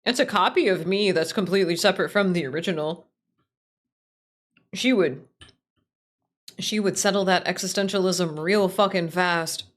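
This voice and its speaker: A woman streaming a game, chatting casually with lots of swearing, rambling asides and laughter. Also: fairly low pitch. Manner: profane, rambling, quick to laugh. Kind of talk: casual let's-play chatter.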